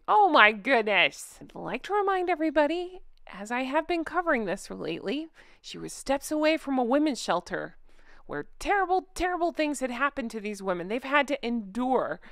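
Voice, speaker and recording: Animated, scornful woman vlogger. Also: on the high side, creaky, no room sound, studio quality. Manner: sarcastic, scornful, laughs often. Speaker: royal commentary channel host. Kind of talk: opinionated commentary vlog.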